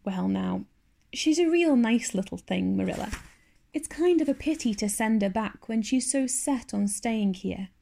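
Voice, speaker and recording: A woman voicing a shy, gentle older farmer who speaks hesitantly and stammers. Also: a little high, lively intonation, unhurried, gravelly, slight background noise.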